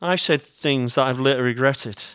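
A man's voice: medium pitch, normal speed, a bit bright, clear, resonant tone, no echo, studio quality. A man with an English accent preaching a sermon as pastor. He tells stories with self-mocking humour and talks directly to his congregation.

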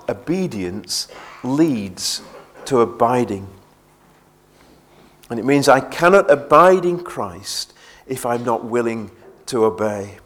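A man preaching a sermon in an earnest way, often repeating words as he presses a point. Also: mid-range voice.

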